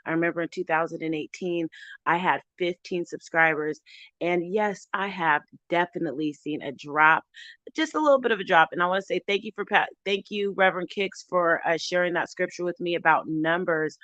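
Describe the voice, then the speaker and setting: A woman with a fairly low voice talks earnestly and from the heart to her viewers, often stopping and restarting her sentences. The sound is dry and a little dull, as if from a phone or webcam close by. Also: brisk, fairly bright tone, no echo. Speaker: recovery channel host. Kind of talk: casual livestream chat.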